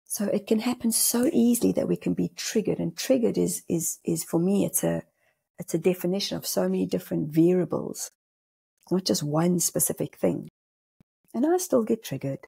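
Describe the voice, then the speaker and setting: Gravelly, husky South African woman. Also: on the low side, normal speed. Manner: animated, laughs often, acts out inner voices. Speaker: spiritual medium guest. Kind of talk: podcast conversation.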